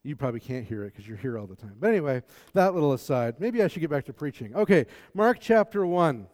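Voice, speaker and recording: A man's voice: lively intonation, fast. Guy preaching casually, lots of uhs and restarts, mid voice, big echoey hall. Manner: conversational, with fillers and self-corrections, turning soft and low in prayer. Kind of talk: sermon with Scripture reading and prayer. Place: church or large hall. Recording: long hall reverb.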